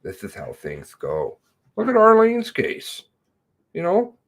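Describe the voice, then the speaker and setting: Slow, sardonic man hosting a livestream. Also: high voice, wildly swooping pitch, a bit bright. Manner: drawling, sardonic, greets viewers by name. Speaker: livestream host reading chat. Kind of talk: casual livestream chat.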